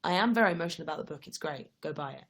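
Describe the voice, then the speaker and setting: A woman's voice: deep voice, lively intonation, very fast, a bit bright. A young woman hosting a casual livestream, answering viewer questions in a chatty, friendly way while tired and yawning. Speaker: livestream host.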